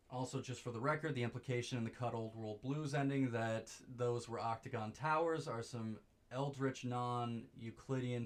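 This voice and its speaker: A young man giving goofy, rambling let's play commentary, breaking into excited high-pitched exclamations. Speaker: streamer.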